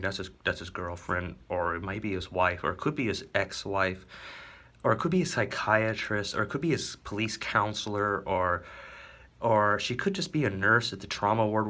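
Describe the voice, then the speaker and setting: A man telling an absurd comic story in a rambling, halting way, full of fillers, sometimes dropping to a whisper. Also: fairly low pitch, expressive, fairly bright tone. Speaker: comedian.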